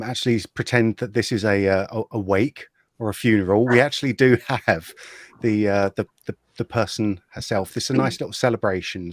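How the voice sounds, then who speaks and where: Low-voiced man hosting a chatty livestream. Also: dry recording, clean studio sound. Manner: chatty, hesitant, many fillers and restarts. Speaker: host. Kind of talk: casual livestream chat.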